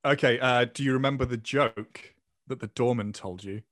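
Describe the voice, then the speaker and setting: A man's voice: mid-range voice, normal speed, a bit bright, no echo, clean studio sound. A man hosting a casual podcast, playfully reading prompts and telling a long joke. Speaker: podcast host.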